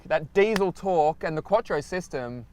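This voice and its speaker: A man's voice: a little high, lively intonation, moderate pace, a little mellow, a little hiss or hum. A young Australian man commentating on car tests in a casual, upbeat way, speaking from inside a car on a track. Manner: upbeat and chatty, directs the runs. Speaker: car reviewer and host.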